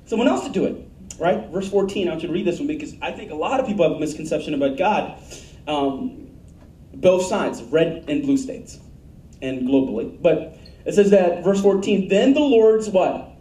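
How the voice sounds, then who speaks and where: Pastor, male, high-voiced, mellow tone, blunt emphatic sermon delivery, roomy church sound from off-mic. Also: lively intonation, normal speed, recorded from a distance, slight background noise. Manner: blunt, emphatic preaching with asked-for audience answers.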